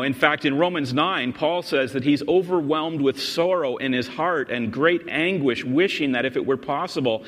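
A man's voice: medium pitch, a bit bright. Emphatic male pastor in a reverberant hall. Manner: emphatic, explanatory, often restarts and repeats words. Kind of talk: sermon. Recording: long reverb in a large hall.

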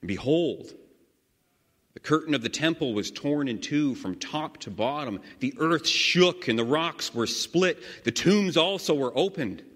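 A man leading a guided scripture meditation, reading slowly and earnestly with sudden swells of emphasis. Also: medium pitch, a bit bright. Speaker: prayer leader. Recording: long hall reverb.

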